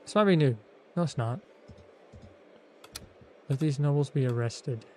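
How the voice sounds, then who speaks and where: A man's voice: mid-range voice, expressive, a little slow, warm tone, a little hiss or hum. A man streaming a game, joking around in slangy, playful commentary. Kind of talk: gaming commentary.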